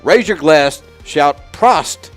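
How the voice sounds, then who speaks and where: A man's voice: on the high side, expressive, extremely slow, soft background music. A man co-hosting a morning show, reading a joke list in a playful, jokey way. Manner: jokey, reads gags with playful lift. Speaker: co-host reading a top ten list. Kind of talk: casual chat.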